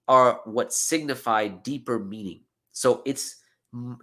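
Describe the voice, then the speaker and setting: A man's voice: medium pitch, sharp tone. A man giving a classroom lecture on scripture, explaining step by step, often asking "okay?" and "right?", and repeating words for emphasis. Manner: repeats words for emphasis, self-corrects mid-sentence.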